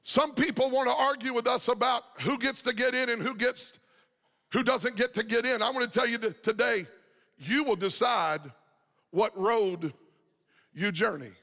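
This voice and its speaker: High-pitched shouting preacher. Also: male voice, moderate pace, vocal fry, in a large hall. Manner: impassioned, shouting and half-singing phrases. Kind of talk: shouted revival sermon.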